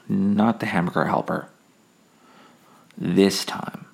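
A man's voice: deep voice, moderate pace, creaky. A man, hosting a podcast and rambling through a comic story with many fillers. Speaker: podcast host. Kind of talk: comedic storytelling monologue.

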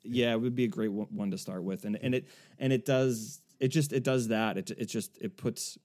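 A man's voice: medium pitch, steady tone, normal speed, darkish tone. A man co-hosting an academic podcast, speaking hesitantly with many fillers and repeated words. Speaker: podcast co-host.

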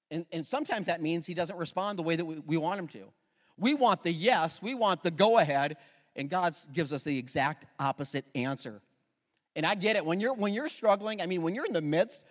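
A man preaching a sermon as pastor, passionate, moving from hushed, intimate moments to loud emphatic lines. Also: on the high side, expressive, normal speed, long reverb tail. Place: church sanctuary.

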